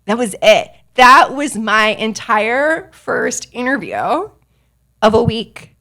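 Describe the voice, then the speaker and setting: A woman in her forties hosting a podcast, telling a personal story with self-deprecating humor, laughing often and breaking into bursts of high excitement. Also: slow pace. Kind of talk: animated storytelling monologue.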